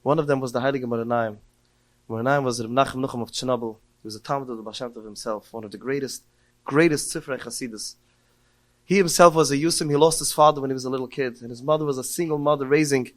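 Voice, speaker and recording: A middle-aged podcast speaker gives a heartfelt Torah talk, telling stories and rising to emotional cries when he quotes prayers. He talks fast in a mid-range voice.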